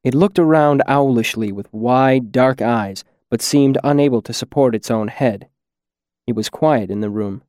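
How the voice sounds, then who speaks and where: A man narrating a first-person audiobook in a measured, quiet reading. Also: medium pitch, no echo, clean studio sound.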